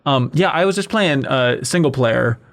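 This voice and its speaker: A man hosts a loose roundtable about games in a voice of ordinary middle pitch. He talks chattily, piling up fillers and restarting sentences as he goes. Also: lively intonation, moderate pace, a bit bright. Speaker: podcast host. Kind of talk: casual roundtable chat.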